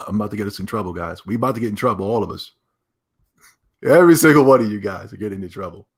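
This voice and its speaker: A man's voice: lowish voice, lively intonation, brisk, pauses often, husky. A man streaming casual commentary, emphatic and sarcastic, rambling as he reacts to a clip.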